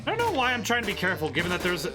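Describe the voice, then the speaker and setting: A streamer from the northern United States keeps up a casual, bemused let's-play commentary, giggling and talking back to the game's characters. The voice swings widely in pitch, and game music plays clearly underneath it. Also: huge pitch swings, racing.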